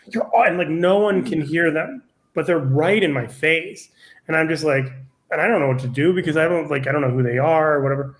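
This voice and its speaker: A man in his forties, a stand-up comedian, telling a profane and animated anecdote in a casual podcast chat. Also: on the high side.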